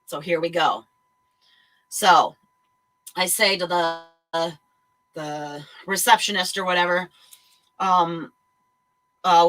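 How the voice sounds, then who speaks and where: A woman telling a story in a blunt, animated way and swearing freely. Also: on the low side, slow pace, long pauses, low-quality recording. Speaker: vlogger. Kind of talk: casual chat, ranting story.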